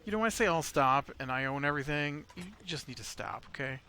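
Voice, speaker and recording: A man's voice: fairly high pitch, expressive, fast talker, bright, forceful tone, slight background noise. A man rambling through casual gameplay commentary as a video host, chatting to his in-game pet dinosaur.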